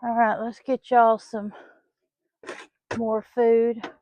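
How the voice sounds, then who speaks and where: A woman's voice: on the high side, level tone, takes it slowly, no echo. A woman chatting while she does chores in a poultry pen, scolding her hens like children in a sing-song voice. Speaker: farm vlogger. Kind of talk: casual talk while doing farm chores. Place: outdoor poultry pen on a small farm. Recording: dull lo-fi outdoor recording.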